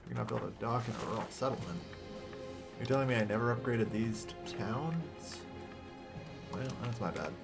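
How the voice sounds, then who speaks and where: A man's voice: mid-range voice, animated, normal speed, vocal fry, pauses often, over loud music. Exasperated swearing male game streamer. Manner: exasperated, swearing, rants in sudden loud bursts. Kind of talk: casual game stream commentary.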